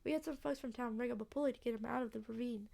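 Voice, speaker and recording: A woman's voice: on the high side, racing, gravelly, warm tone. A woman reading the lines of a cheerful young woman who hunts cryptids on camera, chatty and breezy.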